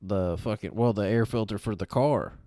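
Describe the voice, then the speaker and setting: Co-host, man: low, clean, dry-sounding voice, profane and rambling. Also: moderate pace, no echo. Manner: rambling, profane, animated storyteller. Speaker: podcast co-host. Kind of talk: casual storytelling chat.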